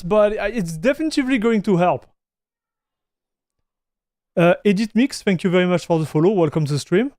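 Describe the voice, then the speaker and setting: High-voiced chatty male streamer, dry sound. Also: expressive, normal speed, pauses often, darkish tone, dry recording. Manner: chatty, greets viewers, reads chat aloud; frequent restarts and fillers. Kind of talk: casual live-stream chat.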